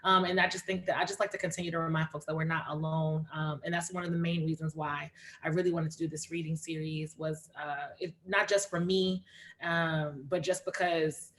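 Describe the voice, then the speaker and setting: A woman hosting a livestreamed poetry reading, lively and chatty, calling out names and urging the audience on. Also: low voice, a little fast, slight background noise. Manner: lively, calls out names and cheers on the chat. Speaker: host of an online reading series.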